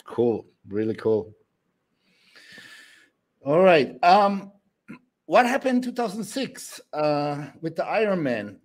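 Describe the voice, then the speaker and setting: A man hosting a podcast interview in a fairly high voice that swings widely up and down. He asks eager, leading questions and stumbles into repeats like "I, I remember". His tone stays conversational and admiring. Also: sing-song, takes it slowly, long pauses. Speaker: podcast host. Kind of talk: casual interview.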